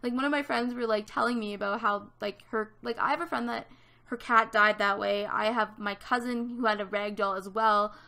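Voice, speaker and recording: A woman's voice: mid-range voice, steady tone, moderate pace, gravelly, bright, forceful tone. A woman in her twenties from Canada, telling a story in casual chat over a gaming video, with lots of fillers. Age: 20s. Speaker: gaming vlogger.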